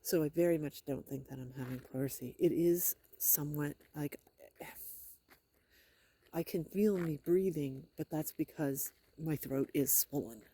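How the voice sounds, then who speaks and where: A middle-aged woman with a hoarse, sore throat, talking in a hesitant, rambling video diary with wry, matter-of-fact asides. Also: low-pitched, a little slow, warm tone. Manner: hesitant, rambling, many fillers. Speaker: vlogger. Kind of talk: casual personal video diary.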